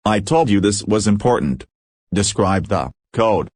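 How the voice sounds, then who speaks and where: A man's voice: on the low side, expressive, a little slow, a little mellow, dry recording, studio quality. A man voicing a pompous, self-important male alien leader who issues commands. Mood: commanding. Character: pompous giant-brained male alien leader, easily alarmed.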